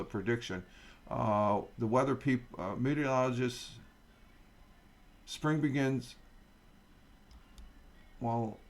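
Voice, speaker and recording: A middle-aged man hosts a casual morning livestream from home, rambling with fillers and asides as he reads out a weather article. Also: medium pitch. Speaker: livestream host. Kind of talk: casual morning stream chat.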